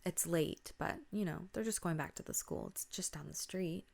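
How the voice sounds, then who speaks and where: A woman's voice: on the low side, normal speed, creaky, a little mellow, in a whisper. A woman voicing a protective older schoolgirl sister who is easily spooked, talking in a flustered, dismissive way.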